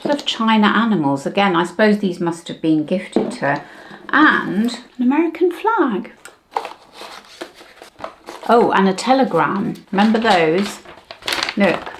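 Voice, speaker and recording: A woman's voice: mid-range voice, very animated, unhurried, pauses often, background noise. A woman in her seventies talking casually in a vlog, chatting and reminiscing as she sorts through family keepsakes. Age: 70s. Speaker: vlogger.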